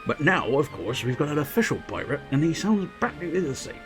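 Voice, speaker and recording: A man's voice: a little high, big pitch swings, quick pace, soft background music. Jokey rambling male gaming streamer. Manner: jokey, rambling, laughs often. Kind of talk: gaming livestream commentary.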